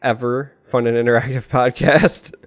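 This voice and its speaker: A man's voice: mid-range voice, fairly even intonation, normal speed. Dry-humored man hosting a podcast. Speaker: podcast co-host. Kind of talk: casual podcast chat.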